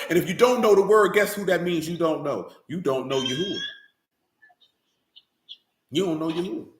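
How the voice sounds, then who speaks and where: A man preaching a street-style sermon, heated and profane, often building to shouts. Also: high voice, roomy sound.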